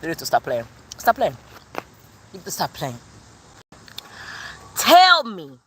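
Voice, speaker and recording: A woman's voice: deep voice, big pitch swings, normal speed, a little hiss or hum. A woman with a Cuban accent giving a channeled tarot reading in an emphatic, sassy way that repeats her points. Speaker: tarot reader.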